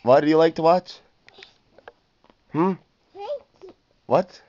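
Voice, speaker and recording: A father in a home video gently coaxing his toddler, repeating questions and prompts over and over. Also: a little high, slow. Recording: muffled home video with faint noise.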